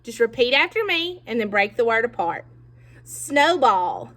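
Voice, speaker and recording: A woman teacher giving a phonics lesson to young children, slow and encouraging, pausing for them to repeat words. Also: fairly high pitch, very animated, a bit bright. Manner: slow, encouraging, with pauses for pupils to echo.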